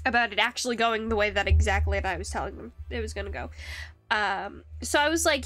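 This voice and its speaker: A young woman streamer chatting casually while she carves wood, rambling and laughing often, with a high-pitched voice. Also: fast talker, a bit bright, dry recording, faint music behind. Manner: rambling, with restarts and frequent laughs. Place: home streaming setup.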